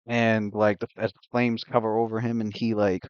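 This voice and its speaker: A man's voice: on the low side, level tone, moderate pace, smooth, dry recording. A man narrating a tabletop game as game master, rambling with many fillers. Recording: dull lo-fi dry stream audio.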